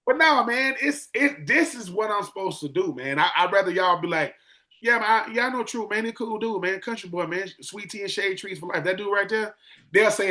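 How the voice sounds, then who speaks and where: A man in his forties, a former football player telling animated stories on a casual podcast, acting out quotes and repeating words. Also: sits high, brisk. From Swainsboro, Georgia.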